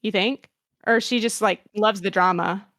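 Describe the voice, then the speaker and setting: A woman's voice: mid-range voice, fairly even intonation, moderate pace, a bit bright, dry recording. A young woman hosting a podcast, reading a listener's story aloud and then chatting, wry and self-mocking. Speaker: podcast host.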